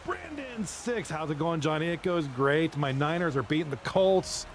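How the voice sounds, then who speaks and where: A man chatting casually on a live stream, rambling and excitable as he talks with viewers. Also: a little high, normal speed, slight background noise. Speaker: live streamer and league commentator.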